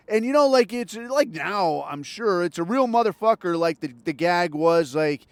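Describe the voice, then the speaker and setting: A man's voice: sits high, animated, normal speed, hardly any pauses, clear, resonant tone, no echo. An older man from Southern California hosts a podcast, ranting angrily and sarcastically with constant swearing while he drives. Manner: angry, profane, sarcastic. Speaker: podcast host. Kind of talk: profane ranting monologue. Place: in a car while driving.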